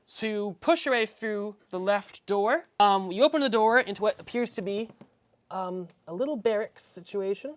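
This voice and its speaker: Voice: mid-range voice, moderate pace. A game master narrating a tabletop game in a casual way, reading the module aloud with many ums and self-corrections.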